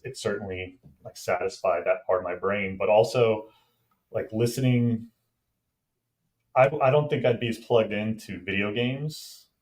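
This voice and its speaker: A man co-hosting a podcast in casual chat, reflective and quick to laugh. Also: lowish voice. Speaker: podcast co-host.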